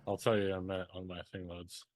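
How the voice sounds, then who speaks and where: A man's voice: deep voice, flat delivery, quick pace, no room sound. A man playing in an online tabletop game, joking and laughing often. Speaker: player. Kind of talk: casual tabletop game chat.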